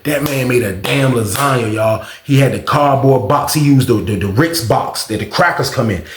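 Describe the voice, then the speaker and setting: Animated, profane man telling a story. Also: medium pitch, normal speed. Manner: animated, profane, full of repeated fillers. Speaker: storytime host. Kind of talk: casual storytelling. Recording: roomy echo.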